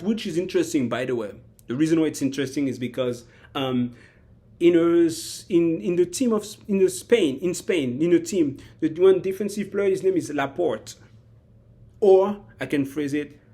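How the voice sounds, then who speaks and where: A man with a fairly high voice talks through a football match in a loose, rambling way. He stops and restarts his sentences and drops into little acted-out quotes as he goes. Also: moderate pace, dark tone. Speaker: football commentator. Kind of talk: casual spoken analysis.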